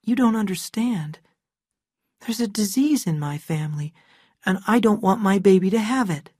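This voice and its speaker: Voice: mid-range voice, expressive, moderate pace, a little mellow, husky, dry recording, studio quality, voice pushed up. A reader voicing a cold, secretive young wife in a storybook reading, with a raised, pleading voice.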